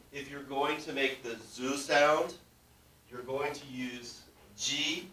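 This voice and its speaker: In this classroom lesson, a man teaching a language explains things one step at a time and frequently makes sure the students follow. His voice is medium in pitch, with a pushed, bright quality. The sound is distant and roomy, and faint noise sits in the background.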